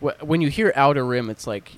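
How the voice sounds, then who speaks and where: A young man co-hosting a casual movie podcast, relaxed and agreeable, laughing along. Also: medium pitch, brisk, no room sound. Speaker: podcast co-host. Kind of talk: casual chat about movies.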